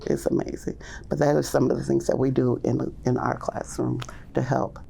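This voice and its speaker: A woman early childhood teacher telling classroom stories in a casual podcast interview, loosely and with many fillers, acting out the little exchanges in hushed or lifted voices. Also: level tone, moderate pace, creaky, slight background noise. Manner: acts out classroom talk in hushed and high voices.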